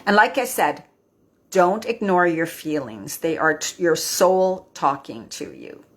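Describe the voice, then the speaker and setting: A husky, slightly low-voiced woman in her fifties speaks earnestly to viewers in a live-streamed motivational talk. She keeps checking in with her audience, closing her points with a questioning "right?". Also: lively intonation, a little slow. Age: 50s. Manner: earnest, tags lines with "right?". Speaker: midlife wellness host.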